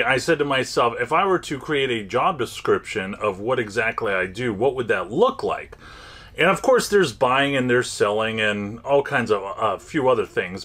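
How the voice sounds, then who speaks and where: A man's voice: medium pitch, fairly bright tone. A man hosting his own channel, talking casually and at length about buying and selling, with frequent fillers and restarts. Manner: conversational, many fillers and restarts, rising emphatic openers. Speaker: host. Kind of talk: casual advice monologue.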